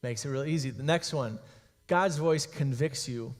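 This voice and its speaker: In a hall with long reverb, a young youth pastor delivers a sermon at a moderate pace in a medium-pitched voice. His preaching is casual and conversational, full of "okay?" and "guys" as he checks in with listeners.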